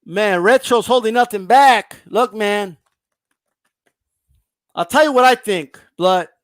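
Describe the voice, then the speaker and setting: A man's voice: high-pitched, slow, a bit bright, no room sound. A man hosting a casual boxing livestream, ranting bluntly and profanely and reading viewer comments aloud.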